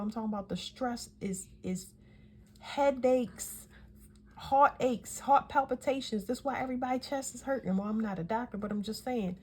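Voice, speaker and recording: A woman's voice: on the high side, darkish tone, husky. A woman giving a casual tarot reading, talking in a chatty, emphatic way and often correcting herself mid-sentence. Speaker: tarot reader.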